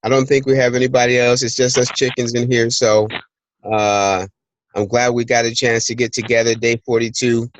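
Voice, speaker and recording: Medium pitch and moderate pace mark this man's voice, captured in a low-quality remote recording from a hot place. Hosting a team call, he tells stories energetically and casually, plays out quoted voices, and pushes his listeners to keep going.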